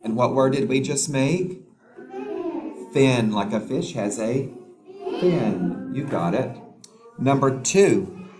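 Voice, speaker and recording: A man teaching a phonics lesson to young children, slowly sounding out letters and words with patient prompts. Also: mid-range voice, expressive, a little mellow, soft background music.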